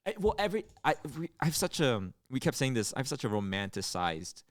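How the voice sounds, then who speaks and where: A young man co-hosting a comedy podcast, chatting casually and telling stories. His pitch swings widely, and he acts out loud outbursts as he goes. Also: big pitch swings, fairly quick, no room sound, studio quality. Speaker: podcast co-host.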